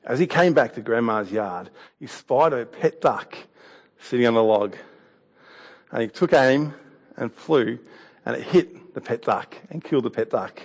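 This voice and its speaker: A man's voice: mid-range voice, expressive, unhurried, husky. A man preaching a sermon, telling a story and an anecdote in a conversational way with some laughs.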